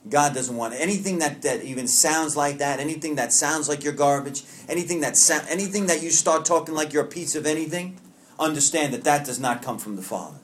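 Fairly quick and fairly bright, a man's higher-leaning voice comes through with slight background noise. He's a Long Islander leading a recovery meeting, giving a heartfelt personal share to the support group laced with jokes at his own expense.

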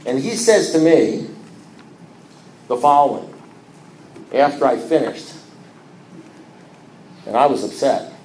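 A man sharing his story as a recovering alcoholic at a recovery meeting, telling it in an animated, repetitive way and acting out the dialogue. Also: mid-range voice, slow pace, long pauses, a little hiss or hum. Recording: roomy echo with faint ambience.

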